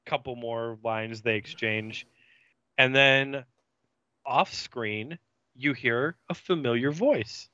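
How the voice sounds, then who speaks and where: A man's voice: medium pitch, pushed and bright, clean tone, no room sound, muffled recording. A young man hosting a podcast, casually recapping a TV episode and acting out the characters' lines. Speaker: podcast host.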